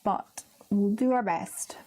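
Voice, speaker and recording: A woman from the UK hosting a live crafting stream, talking casually and thinking aloud as she works, now and then trailing off into soft murmurs. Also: mid-range voice, takes it slowly. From United Kingdom. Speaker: crafting livestream host.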